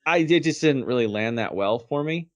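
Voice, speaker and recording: Male podcast co-host, mid-pitched, casual and thoughtful, talks in halting restarts. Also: animated. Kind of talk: casual chat.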